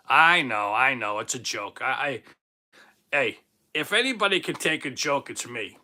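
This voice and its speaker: Hosting a casual livestream, this Boston man in his fifties banters and gently mocks himself as he goes through viewer comments. His medium-pitched voice has lively intonation and a sharp edge, and he talks at a normal speed in a chatty way.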